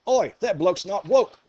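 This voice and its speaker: Man doing a loud, cheeky mock-English bloke, pitched up a touch. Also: dull audio, heavy background noise, full character voice. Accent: put-on English.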